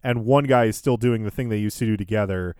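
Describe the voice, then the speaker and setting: A man's voice: fairly low pitch, fast talker, darkish tone, smooth, no echo, studio quality. A man hosting a podcast, casually recapping events in order and laughing easily. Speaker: podcast host.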